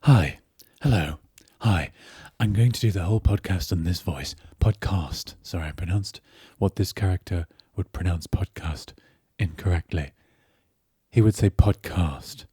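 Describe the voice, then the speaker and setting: A low, husky whisper of a male character drawls each word slowly and softly, as a man puts him on. The voice sits well below normal speaking pitch, close and dry with no room sound. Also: no room sound. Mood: hushed.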